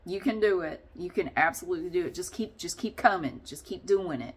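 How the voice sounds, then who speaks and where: A woman's voice: lowish voice, lively intonation, fairly quick, pushed and bright, husky. Chatty, rambling woman vlogger. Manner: chatty, rambling, laughs often. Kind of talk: casual vlog chat.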